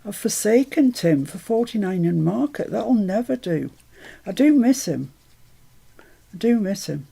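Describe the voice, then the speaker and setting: Gravelly-voiced woman crafting live. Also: medium pitch, expressive, warm tone. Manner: chatty, self-mocking, quick to laugh. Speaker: craft live-stream host. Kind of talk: chatty live crafting demo.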